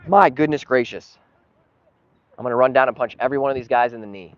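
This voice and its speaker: A man doing partisan play-by-play for his club's live stream, getting frustrated and sometimes yelling at calls. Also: medium pitch, fairly even intonation, very fast. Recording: dull lo-fi live stream audio with noise.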